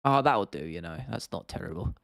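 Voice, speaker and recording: A man's voice: low voice, expressive, fast, gravelly, a bit bright, dry recording, studio quality. A young man from England hosting a casual livestream, reading out chat comments and rambling with frequent restarts and laughs. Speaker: livestream host.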